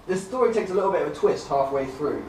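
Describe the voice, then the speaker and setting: A man's voice: a little high, animated, fast talker, darkish tone, a little hiss or hum. Swearing guy telling a story. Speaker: podcast co-host. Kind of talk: casual chat, storytelling. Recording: roomy, far from the mic.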